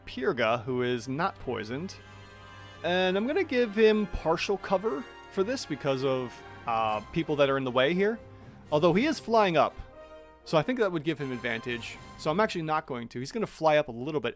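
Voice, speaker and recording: A man narrating a tabletop monster battle as game master, chatty and thinking aloud as he checks the rules. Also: fairly high pitch.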